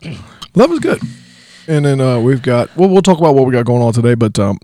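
A man's voice: medium pitch, animated, fast talker, warm tone. Chatty man co-hosting a church podcast. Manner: rambling, chatty, laughs often. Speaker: podcast co-host. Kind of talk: casual chat.

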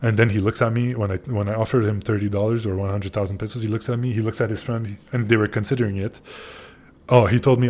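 Talking quickly in a lowish voice, a podcast host spins a casual tale, swearing freely. He grows excitable and often backs up to restart what he's saying.

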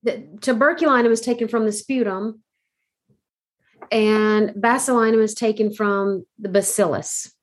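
A woman co-hosting a podcast in casual chat, relaxed and agreeable, with many affirming fillers. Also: a little high, a little slow. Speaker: podcast co-host.

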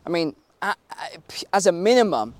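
A man's voice: high-pitched, very animated, normal speed, no echo. A man losing his voice, talking on a walk in an emphatic, urgent way with rambling asides. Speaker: finance YouTuber. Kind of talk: walk-and-talk vlog commentary. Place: outdoors, walking.

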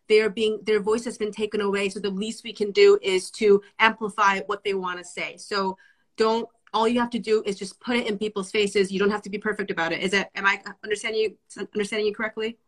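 A woman's voice: medium pitch, fairly bright tone, low-quality recording. A woman hosting a live-stream conversation who affirms her guest, rephrases her points and encourages her audience.

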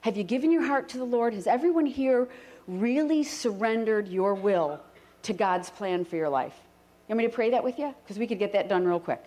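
A middle-aged woman preaching to a congregation in a lively, conversational way. Her voice swoops up and down as she talks, and it climbs high and strong when she leads the room in prayer. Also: moderate pace. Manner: conversational, animated, rising to fervent prayer. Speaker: speaker at a church gathering. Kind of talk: sermon to a live congregation.

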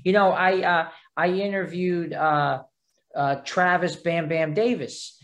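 An interviewer with a New York accent chats casually with a guest. The talk is halting and full of "uh" and "um" fillers. The voice sits at a middle pitch. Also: a bit bright.

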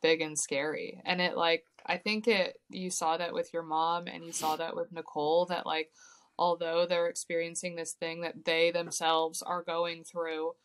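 Low, flat-voiced reflective woman. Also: clear, resonant tone. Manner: thoughtful, measured, uses "like" and "you know". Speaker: podcast co-host. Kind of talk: reflective conversation.

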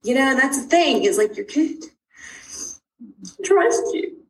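A middle-aged woman telling a personal story about her child's illness, acting out each exchange with big jumps in pitch. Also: unhurried. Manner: animated, acts out dialogue with big pitch jumps. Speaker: parent of a sick child. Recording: roomy sound from a distant mic.

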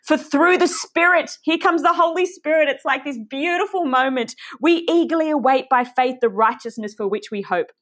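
A woman preaches with passion, pressing her points hard and speaking straight to her listeners. Her voice sits a little higher than most women's. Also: moderate pace, hardly any pauses, fairly bright tone. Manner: passionate, emphatic, direct address to listeners. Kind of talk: sermon.

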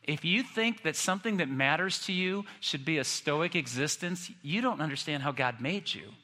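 A man's voice: fairly high pitch, animated, moderate pace, pushed and bright, in a large hall. A man in his fifties preaching a sermon, telling stories with self-deprecating humor. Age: 50s. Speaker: pastor.

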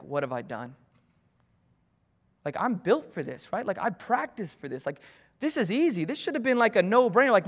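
A young man preaching a sermon, telling a personal story and swinging between loud urgency and hushed intimacy. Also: sits high. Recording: hall reverb.

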